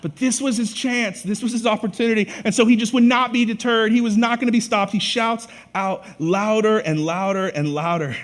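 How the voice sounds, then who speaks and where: A pastor delivering a sermon in a church sanctuary. His voice sits a little on the high side for a man. He tells the story with animation, breaking into loud emphatic outbursts as he acts out the characters. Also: fairly even intonation, normal speed, hardly any pauses.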